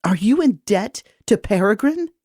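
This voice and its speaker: A woman speaking as a stubborn, sharp-tongued young noble daughter who argues back defiantly. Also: medium pitch, sing-song, moderate pace, breathy edge, no echo, clean studio sound, voice pushed up. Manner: defiant, pleading.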